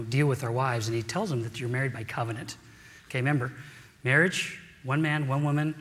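Conversational preacher in a reverberant hall. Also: male voice, medium pitch, fairly bright tone. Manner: conversational, addresses men directly. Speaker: pastor. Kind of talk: sermon.

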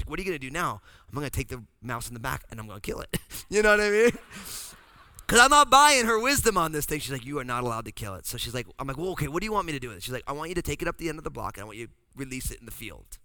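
A pastor from New Jersey telling a funny family story in a sermon, acting out the voices of the people in it. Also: male voice, on the high side, no echo. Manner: animated, acts out voices in his story.

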